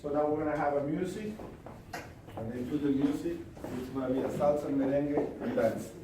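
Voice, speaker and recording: A man leading a live training seminar, forceful and commanding, repeating his points as he tells a story. His voice echoes heavily around a large hall, caught from far away, with faint room noise behind. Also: on the high side, fairly quick.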